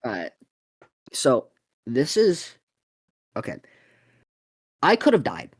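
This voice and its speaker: Foul-mouthed, animated young storyteller. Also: mid-range voice, slow, breathy edge. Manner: profane, rambling, with sudden excited bursts. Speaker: podcast co-host. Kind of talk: casual storytelling chat.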